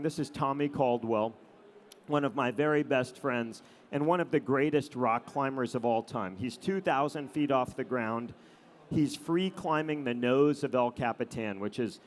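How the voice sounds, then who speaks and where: A man's voice: mid-range voice, slight background noise. Middle-aged man telling a climbing story. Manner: relaxed anecdotal, with fillers like "um" and "you know". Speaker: adventure photographer giving a talk. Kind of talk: storytelling presentation to an audience.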